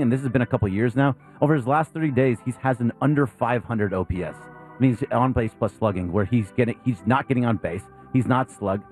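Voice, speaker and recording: Guy ranting on sports radio, blunt, normal pitch, bit of music in the back. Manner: blunt, animated, mocks players with put-on whiny voices. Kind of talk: casual sports talk.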